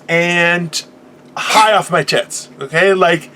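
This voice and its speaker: A man in his forties co-hosting a podcast, telling a profane story in an animated casual rant with sudden loud outbursts. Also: high-pitched, takes it slowly. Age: 40s. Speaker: podcast co-host.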